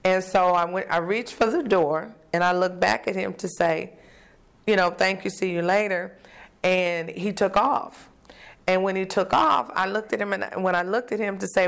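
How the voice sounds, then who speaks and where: A woman's voice: medium pitch, steady tone, normal speed, gravelly. A woman guest recounting her past in an interview, a vivid storyteller who acts out the voices of people she quotes. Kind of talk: personal testimony in an interview.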